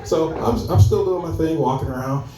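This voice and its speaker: A man telling a stand-up story at an open mic, conversational and animated. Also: fairly high pitch, fairly quick, faint music behind. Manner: conversational, animated character voices. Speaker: stand-up comedian. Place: comedy club open mic. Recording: echoey club room, mic at a distance.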